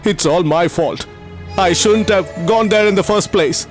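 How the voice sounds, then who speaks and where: An actor dubbing a film, playing an emotional middle-aged teacher who cares for poor orphans, speaking in a heartfelt, pleading way. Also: male voice, high voice, unhurried, faint music behind. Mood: bitter. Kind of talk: dubbed film acting.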